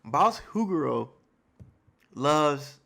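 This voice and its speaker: A man hosting a live manga reaction, reading panels aloud and reacting excitedly in loose, slangy casual talk, often repeating himself. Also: on the high side, extremely slow, vocal fry. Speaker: manga reaction channel host.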